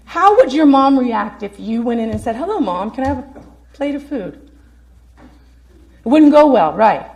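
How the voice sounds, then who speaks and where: Lively, high-voiced woman lecturing. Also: creaky. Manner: engaging, asks the audience questions. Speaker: keynote speaker. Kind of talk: academic lecture to students. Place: lecture hall.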